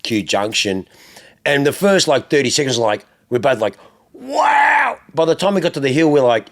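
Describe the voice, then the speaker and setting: A middle-aged Australian man telling animated, swear-heavy stories as a podcast host, acting out other people's lines. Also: mid-range voice, fairly quick. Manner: animated, profane anecdotes with acted-out quotes. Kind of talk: casual chat, storytelling.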